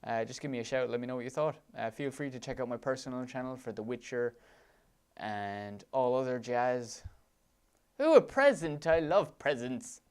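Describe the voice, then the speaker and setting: A man's voice: medium pitch, steady tone, a little fast, darkish tone, clear, resonant tone. A man with an Irish accent giving enthusiastic commentary over gameplay footage, gushing about what he sees. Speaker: let's play commentator.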